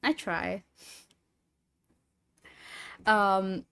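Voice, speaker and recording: A woman livestreaming, chatting casually with viewers and reading a horror story aloud, lively and quick to swear and laugh. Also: medium pitch, creaky, clean tone.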